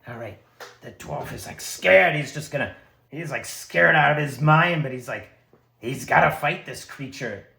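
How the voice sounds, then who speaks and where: A man narrating his own solo tabletop game, excitable and talking to the dice and characters. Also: mid-range voice, moderate pace, creaky. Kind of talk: casual solo play narration. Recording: echoey room.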